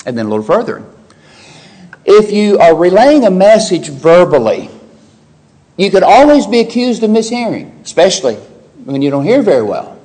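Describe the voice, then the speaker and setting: Earnest preacher man, slightly high voice. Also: big pitch swings, normal speed, long pauses. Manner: emphatic, earnest, with wide swings in pitch and loudness. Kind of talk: expository sermon.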